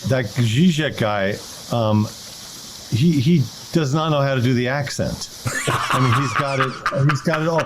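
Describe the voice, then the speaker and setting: A man doing comic banter from an outdoor porch, ranting in an animated, exasperated way. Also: mid-range voice, unhurried. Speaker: comedian guest playing the son. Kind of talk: comedic banter. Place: outdoor porch in heavy rain. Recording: loud rain noise outdoors. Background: rain.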